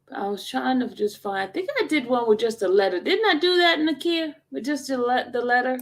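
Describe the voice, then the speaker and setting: A woman's voice: sits high, brisk. A woman hosting a livestream, talking casually and rambling straight to her viewers. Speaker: livestream host.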